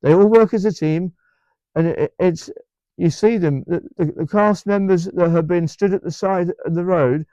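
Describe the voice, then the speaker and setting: A man's voice: high voice, moderate pace, mellow, no room sound, muffled recording. A man with an English accent chatting to camera in a vlog, enthusiastic and rambling, with many restarts and repeated words. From England. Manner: enthusiastic, emphatic. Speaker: vlogger. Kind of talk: casual chat to camera.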